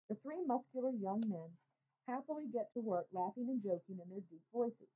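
A woman reading a novel aloud in a plain, unhurried way. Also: mid-range voice, animated. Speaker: reader. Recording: tinny phone-like sound.

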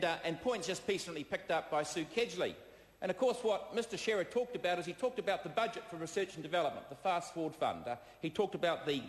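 A man with a New Zealand accent giving a parliamentary debate speech, combative and halting, with many fillers, repeated phrases and replies to hecklers. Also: high-pitched. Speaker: member of parliament. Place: debating chamber. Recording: echoey chamber with long reverb.

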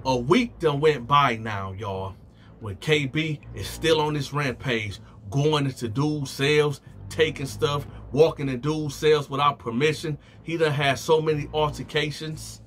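A man telling a story in a casual vlog, animated and slangy, talking straight to his viewers. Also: fairly high pitch, unhurried, soft background music.

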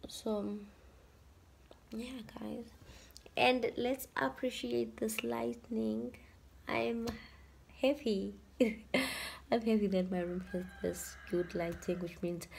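Tired, soft-spoken woman. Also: mid-range voice, fairly even intonation, slow pace, vocal fry, slight background noise. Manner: tired, emotional, soft-spoken, drifting to a whisper. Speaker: vlogger. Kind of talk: casual vlog talk to camera. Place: bedroom at home.

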